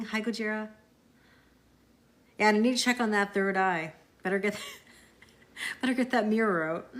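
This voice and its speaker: A woman hosting a tarot live stream, chatting casually with viewers, answering their comments and laughing often. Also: medium pitch. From Canada.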